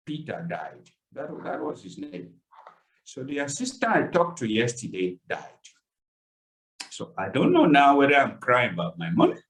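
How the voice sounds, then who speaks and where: A man's voice: medium pitch, a bit bright, rough recording. A man presenting a webinar, earnestly telling a painful personal story with emotional swings; English is not his first language. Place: online webinar call.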